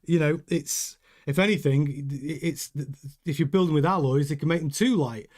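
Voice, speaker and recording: High-voiced man, rambling news host. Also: normal speed, darkish tone. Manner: rambling, joking, restarts sentences. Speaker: host of a motor racing news show. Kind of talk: casual news commentary with live chat.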